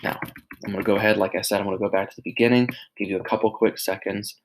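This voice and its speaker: Lowish-voiced man teaching a slide lesson. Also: level tone, rapid-fire, low-quality recording. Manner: repeats "all right?" to check in with students; explains with simple everyday comparisons. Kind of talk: recorded slide lecture.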